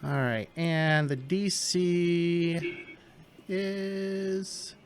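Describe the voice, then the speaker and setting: A man's voice: high-pitched, fairly even intonation, extremely slow. A man playing a tabletop game at home, talking through his character's turn step by step. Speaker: player. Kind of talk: casual tabletop game play.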